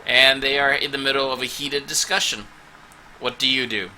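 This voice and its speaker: A man narrating a tabletop game as game master, unhurried and hesitant with fillers. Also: mid-range voice, fairly even intonation, sharp tone, slight background noise, rough recording.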